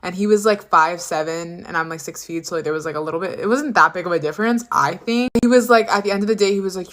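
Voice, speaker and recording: A woman's voice: fairly low pitch, fast talker, hardly any pauses, a bit bright. A young woman casually telling a dating story with lots of fillers and an incredulous tone.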